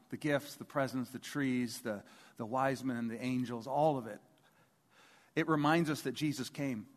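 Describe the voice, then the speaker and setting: A man, a pastor, delivering a sermon to his congregation in a relaxed, conversational way, often asking the room rhetorical questions. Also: medium pitch. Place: large church hall before a congregation. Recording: long reverb of a large hall.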